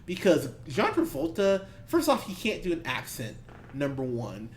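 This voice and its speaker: A man's voice: on the high side, huge pitch swings, moderate pace, slight background noise. A man co-hosting a movie podcast, ranting heatedly and profanely about bad films with bursts of laughter. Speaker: podcast co-host. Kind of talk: ranty movie review chat.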